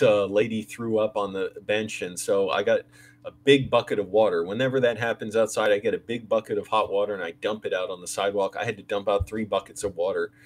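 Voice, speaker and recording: Brief: man with a fairly low voice, loose livestream chatter, soft hum behind. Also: poor audio. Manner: rambling, with many fillers and restarts. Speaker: channel host. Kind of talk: casual livestream monologue.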